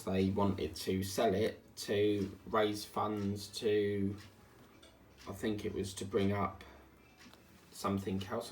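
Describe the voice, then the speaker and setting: A man chatting casually and grumbling in asides while working on a diamond painting at home. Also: on the low side. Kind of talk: casual chat while crafting. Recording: distant mic, faint background hiss.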